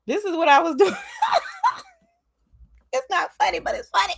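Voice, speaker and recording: Animated woman with a high, lively voice. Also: slow, creaky, long pauses. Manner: animated, laughs often, talks straight to her audience. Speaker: vlogger. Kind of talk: casual storytelling to viewers.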